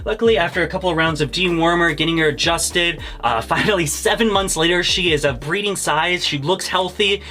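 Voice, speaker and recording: Excitable young man vlogging about reptiles. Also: fairly high pitch, a little fast, few pauses. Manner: excitable, laughs often, swears casually. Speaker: reptile breeder and channel host. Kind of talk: casual handheld vlog.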